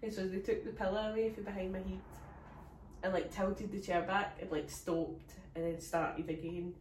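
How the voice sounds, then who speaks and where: A Scottish woman co-hosting a comedy podcast, telling a story in a casual, animated way and acting out the voices of the people in it. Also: medium pitch, moderate pace, slight background noise. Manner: acts out quoted voices, animated. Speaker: podcast co-host. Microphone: phone. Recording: echoey room, distant phone mic.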